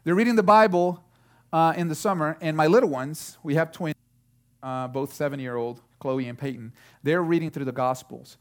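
A man's voice: fairly high pitch, moderate pace. A man in his thirties preaching a sermon, telling a family story with lots of fillers and restarts. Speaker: pastor.

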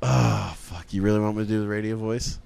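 A man's voice: lowish voice, steady tone, brisk, gravelly, a little mellow, clean tone. Profane self-mocking podcast guest, man. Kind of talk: casual podcast banter.

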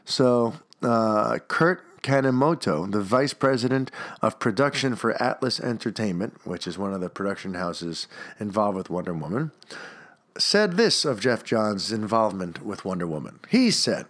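A man's voice: fairly low pitch, lively intonation, moderate pace, fairly bright tone. A man with a stuffed-up nose hosting a solo podcast, talking in a rambling, enthusiastic way with many restarts. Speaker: podcast host.

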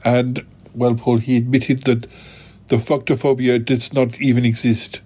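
A man's voice: medium pitch, flat delivery, a little slow, darkish tone, breathy edge. A man voicing a timid, fretful male sidekick who talks hesitantly and apologetically. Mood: nervous. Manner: hesitant, full of "oh dear" and "um".

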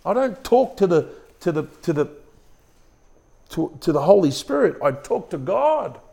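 Gravelly, preaching male pastor. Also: sits high, very animated, measured pace, dark tone. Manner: repeats words and restarts, asks the congregation questions. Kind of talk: sermon. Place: church room with a congregation.

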